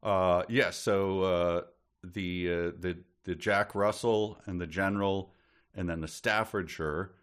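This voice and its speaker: A man's voice: sits low, steady tone, takes it slowly, smooth. A man co-hosting a casual book podcast, wry and joking as he recounts the story. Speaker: podcast co-host.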